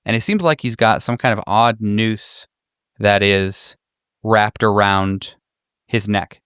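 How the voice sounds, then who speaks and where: Low-voiced man running a horror game. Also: a bit bright, smooth, no room sound, clean studio sound. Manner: descriptive, halting with fillers. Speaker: game master. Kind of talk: narrating a tabletop horror game.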